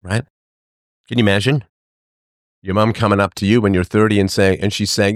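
A middle-aged man hosting a livestream, talking to his chat in a sarcastic, animated monologue. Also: a little fast, pauses often, dry recording, studio quality. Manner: animated, sarcastic, mimics others in higher voices. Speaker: livestream host. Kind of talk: casual monologue to live chat.

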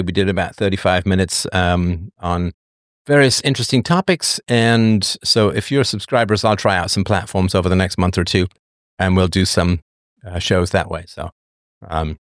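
A middle-aged man hosts his show in loose, wry banter, stretching words for comic emphasis. His voice sits a little low. It sounds dry and close, with no room around it. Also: dry recording. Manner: wry, joking asides with drawn-out emphasis. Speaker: podcast host. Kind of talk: casual live-stream chat.

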